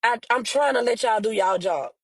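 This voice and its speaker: A woman's voice: fairly high pitch, moderate pace, dry recording, rough recording. A young woman making an emotional, pleading plea to camera about her missing sister, her voice breaking into tears as she repeats herself.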